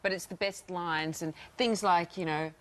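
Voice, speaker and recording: A woman's voice: on the low side, fairly even intonation, moderate pace, a bit bright. A woman co-host, giggly and friendly in a casual interview. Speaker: radio co-host.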